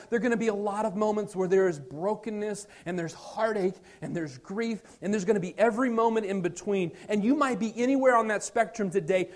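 A man in his thirties preaching a sermon, earnest, moving between loud emphasis and soft, hushed lines. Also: high voice. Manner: earnest, shifts from loud stress to quiet near-whispers. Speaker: pastor.

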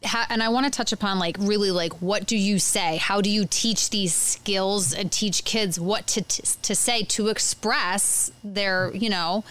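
A woman's voice: mid-range voice, fairly even intonation, measured pace, few pauses, fairly bright tone, smooth. A woman hosting a podcast, asking long, rambling questions full of fillers. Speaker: podcast host. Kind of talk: conversational interview questions.

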